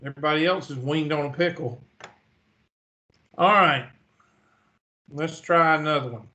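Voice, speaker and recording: A man's voice: on the high side, pushed and bright, poor audio. A man teaching a math lesson, drowsy and yawning, methodically reading numbers and calculator steps one by one. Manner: slow, methodical, reads digits one by one. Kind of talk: calculator walkthrough lecture.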